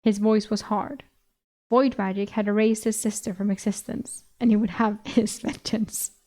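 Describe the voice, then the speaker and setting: A woman's voice: medium pitch, fairly even intonation, normal speed, mellow. A woman streamer reading a fantasy novel aloud, laughing often and breaking off with casual asides. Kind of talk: audiobook reading with reaction commentary.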